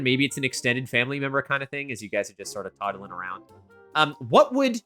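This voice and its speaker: A woman running a tabletop game as game master, narrating in a relaxed way with frequent fillers. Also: extremely low pitch, fast, soft background music.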